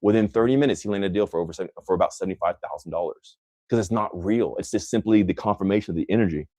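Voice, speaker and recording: A man with a very low voice speaks intensely and emphatically, hammering phrases through repetition as he answers viewers. The sound is dry and close, with no room around it. He turns scornful when he talks about critics. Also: rapid-fire, dark tone, no echo. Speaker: host answering live comments. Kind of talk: motivational livestream talk.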